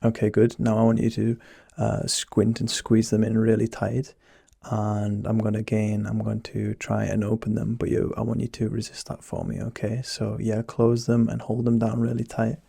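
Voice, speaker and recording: Soft-spoken young man, whispered role-play. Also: lowish voice, completely flat delivery, normal speed, creaky, hardly any pauses, slightly rough, no room sound, studio quality.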